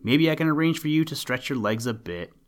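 A man reading aloud and voicing a stern, calm scientist father with a grave, steady delivery. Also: medium pitch, brisk, pitched above the performer's own voice, close to an everyday voice. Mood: firm. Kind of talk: storybook reading.

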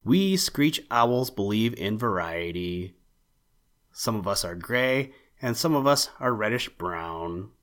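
A man's voice: lowish voice, sing-song, takes it slowly, fairly bright tone, exaggerated voice. A man voicing a snappish old screech owl. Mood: cross. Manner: snappish, solemn. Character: gruff male screech owl, curt and proud.

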